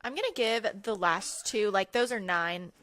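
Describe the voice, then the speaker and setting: A woman's voice: medium pitch, normal speed, fairly bright tone. A young woman co-hosting a podcast, chatting in a bubbly, friendly way. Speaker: podcast co-host. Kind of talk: casual chat.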